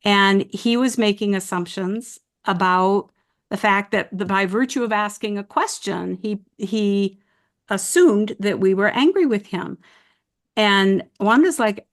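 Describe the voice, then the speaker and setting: An older woman hosting a video-call chat, telling a story slowly and deliberately, with frequent restarts. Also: medium pitch. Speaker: host.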